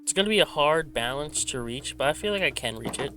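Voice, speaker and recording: A man's voice: a little high, lively intonation, a little fast, over music. A man hosting a laid-back gaming channel, rambling and self-correcting with a slight stutter, into a desk microphone. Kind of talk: laid-back rambling commentary while playing. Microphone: desk microphone with a simple filter.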